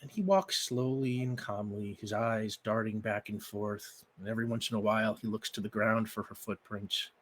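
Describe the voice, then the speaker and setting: A man hosting and narrating as game master of a live-streamed tabletop game, energetic, with frequent ums and uhs. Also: lowish voice, moderate pace, few pauses, a little hiss or hum.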